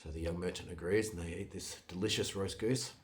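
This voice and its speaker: A man telling a fairytale in a loose, conversational way, with restarts and sudden jumps in loudness. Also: sits low, brisk. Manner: loose retelling with restarts, lively swings in loudness. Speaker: storyteller. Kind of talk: casual fairytale storytelling.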